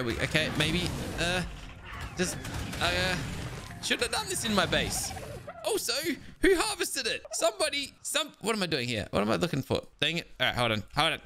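A young man giving excitable let's-play commentary as he plays a survival game, chatting to his tamed creatures and breaking into exasperated outbursts. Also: a little high, moderate pace, vocal fry. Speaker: gaming video host. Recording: game music playing behind.

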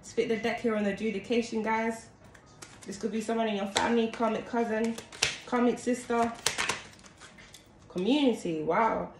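A woman's voice: a little high, normal speed, pauses often. A woman giving a casual tarot reading to her viewers, chatty and often calling out to them as guys. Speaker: tarot card reader. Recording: echoey room with steady background noise.

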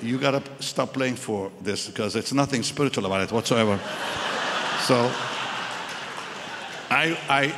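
A man with a mid-range voice preaches unhurriedly, leaving long pauses, while background noise is audible. At this live church service he tells a personal story and voices the people in it. The hall is reverberant, with music.

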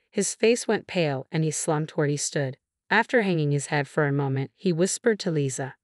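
A woman reading a first-person revenge story as scripted narration, in an even, steady way. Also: low-pitched, normal speed, no room sound, studio quality.

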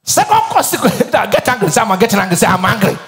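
A man's voice: high-pitched, big pitch swings, fast talker, a bit bright, big-room sound, faint music behind. A Nigerian man preaching a sermon as pastor, asking the crowd to finish his lines in call-and-response. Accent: Nigerian English.

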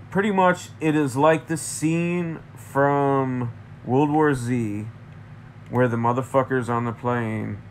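A man's voice: mid-range voice, a little hiss or hum. A man from Michigan, rambling through a profane, tangent-filled movie review. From Michigan, USA. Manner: profane, ranting, jumps between tangents.

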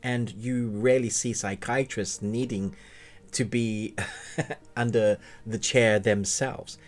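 A man giving a casual, enthusiastic spoken review of a TV series, rambling a little and restarting his sentences. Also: medium pitch.

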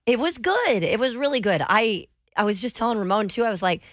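A woman co-hosting a sports radio show in casual, cheerful chat, her voice hoarse and raspy today. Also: on the high side, sing-song, a little fast, no echo, studio quality. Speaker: radio co-host.

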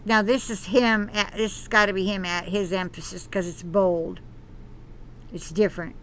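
Reading an article on her channel, a woman with a steady, medium-pitched voice stops between passages for preachy, earnest remarks. Her speech halts and restarts.

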